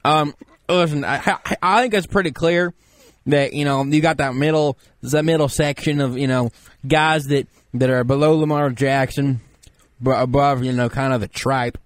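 A radio host putting on a pompous know-it-all draft expert. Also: male voice, medium pitch, steady tone, moderate pace, no echo, clean studio sound, lightly acted. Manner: pompous, boastful, rambling. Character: pompous self-proclaimed male draft expert guest. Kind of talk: comedic radio bit as a fake draft expert. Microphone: studio mic.

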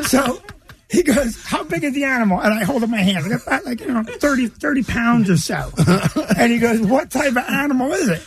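A man's voice: very high-pitched, animated, moderate pace, a crowd in the background. A man, telling a funny story as a guest. He talks animatedly, laughs between lines and puts on the voices of the people in his story. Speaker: comedian guest. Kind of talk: comic storytelling.

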